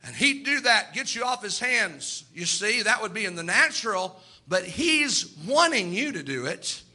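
High, bright-voiced fervent man preaching. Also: big pitch swings, measured pace. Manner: fervent preaching, acts out the people in his stories. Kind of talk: sermon.

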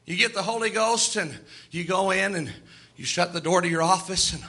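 A man preaching a sermon in a folksy, animated way, slipping into quoted asides. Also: high-pitched, normal speed.

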